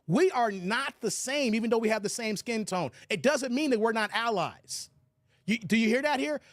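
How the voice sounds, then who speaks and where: A man from the United States, hosting a casual live stream and talking straight to his chat, with animated bursts and laughter. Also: very high-pitched, moderate pace, no room sound, clean studio sound.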